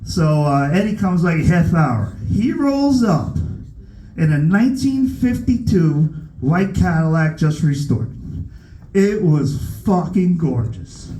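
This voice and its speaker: A male stand-up comedian telling a story on a club stage in a profane, animated way, with shouted punchlines. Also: a little high, slow, reverberant, poor audio.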